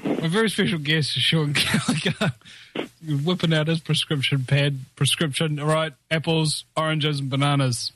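A man's voice: fairly high pitch, moderate pace, fairly bright tone, slight background noise. A man hosting a casual talk show, rambling through wry, jokey asides. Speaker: host. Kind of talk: casual podcast chat.

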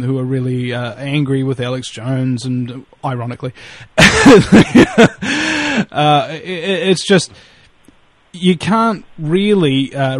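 A man's voice: fairly high pitch, dry recording. A man with a New Zealand accent talking as a radio guest in a rambling, joking way, swearing freely and restarting his sentences often. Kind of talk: casual radio chat.

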